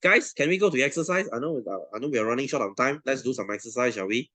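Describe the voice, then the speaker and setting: A man's voice: mid-range voice, quick pace, pushed and bright, no echo. A young adult man with a Malaysian English accent, teaching a science class in a blunt, swearing, teasing rant to his students. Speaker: science tutor.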